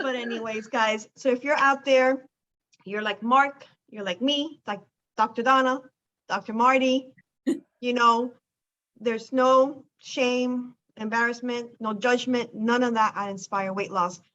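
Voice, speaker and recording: A woman with a fairly high voice talks with eager emphasis and tells a story. The recording is a bit dull and lo-fi. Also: pushed and bright, slight background noise. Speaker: weight loss clinic host. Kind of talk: casual chat. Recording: dull lo-fi sound.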